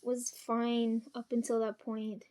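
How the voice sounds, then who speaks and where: A young woman with a slightly high, hoarse voice talks to camera at home. She rambles through a personal story, swearing freely and stumbling over restarts and ums. It sounds like a casual storytime vlog. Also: completely flat delivery, takes it slowly, dark tone. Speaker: vlogger.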